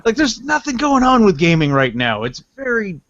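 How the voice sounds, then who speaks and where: A man co-hosting a comedy podcast, talking in a sarcastic, rambling way with a somewhat raised pitch. The sound is dry and close, with a dull, muffled tone. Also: huge pitch swings, normal speed, fairly bright tone, dry recording. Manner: sarcastic, rambling with frequent laughs. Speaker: podcast co-host. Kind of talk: casual comedic chat.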